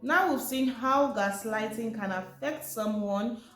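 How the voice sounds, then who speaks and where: A woman's voice: a little high, unhurried, fairly bright tone. A woman giving an informal teaching talk, chatty and asking her listeners rhetorical questions. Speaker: presenter. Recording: echoey room with faint music.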